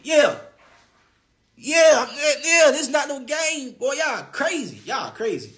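A young boxer on a social media live stream trash-talks his rivals from his phone, brash and taunting, repeating himself and laughing mid-sentence. His very high voice is sing-song, slow, and fairly bright.

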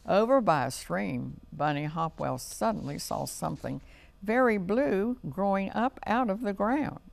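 Man, children's storybook reading, very slow, heavy gravel in the voice, gentle delivery. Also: sits high, animated, no room sound.

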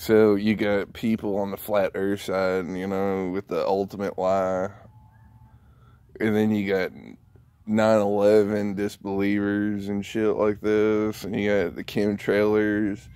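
Man ranting to camera, slow drawl, swears constantly and rambles, dry close sound. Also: lowish voice, level tone, darkish tone, clean tone, no echo. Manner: profane, rambling, laughs often. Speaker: vlogger. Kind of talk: casual rant to camera.

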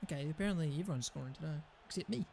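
A man's voice: a little high, rapid-fire, vocal fry, a little mellow, a little hiss or hum. A young man hosting casual gaming banter, swearing and venting in frustrated outbursts at the game. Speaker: gaming channel host.

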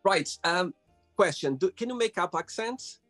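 A man's voice: sits high, expressive, moderate pace, fairly bright tone, faint music behind. A man hosting a casual interview, encouraging his guest and laughing often, with loose phrasing. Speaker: host. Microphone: video call.

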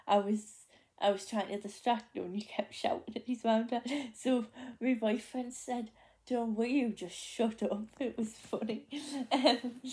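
Telling a story to camera in casual, rambling vlog chat, a young woman with a Geordie accent from North East England uses many fillers and restarts. Her voice is mid-range and darkish.

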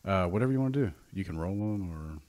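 A man running a tabletop game as game master, talking in a halting way with many restarts. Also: low voice, expressive, a little mellow. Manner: halting, full of restarts and fillers.

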